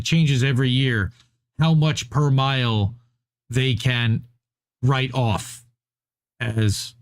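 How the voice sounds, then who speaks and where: A man co-hosting a podcast, ranting about labor in casual, profane, fired-up chat. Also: mid-range voice. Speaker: podcast co-host.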